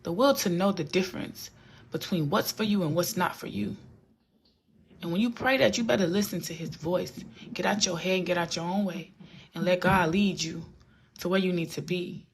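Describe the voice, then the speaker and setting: A woman's voice: fairly low pitch, normal speed, slight background noise. A woman vlogger giving a casual, earnest faith talk that often repeats her points and turns preachy.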